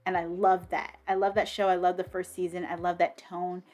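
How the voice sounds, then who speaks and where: Excitable woman gushing over books. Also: on the low side, a little fast, faint music behind. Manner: enthusiastic, swears freely, many ums and restarts. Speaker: book vlogger. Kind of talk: casual book review.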